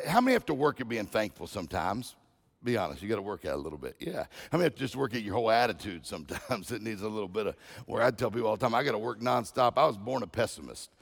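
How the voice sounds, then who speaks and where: Gravelly-voiced joking guest preacher. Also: male voice, mid-range voice. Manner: joking, anecdotal, repeats phrases. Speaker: guest speaker. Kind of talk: humorous sermon storytelling.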